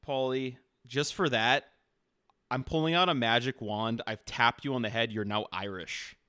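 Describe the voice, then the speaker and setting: A man's voice: medium pitch, pushed and bright, smooth, no echo, studio quality. A man streaming a casual chat with an AI character, teasing and playful. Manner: teasing, playful, quick to laugh.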